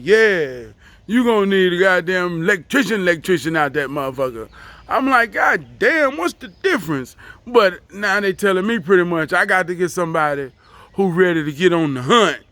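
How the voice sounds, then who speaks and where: A man's voice: a little high, sharp tone, dry recording. A man telling a casual, profane story, acting out what people said. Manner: loose, profane, acts out quoted voices.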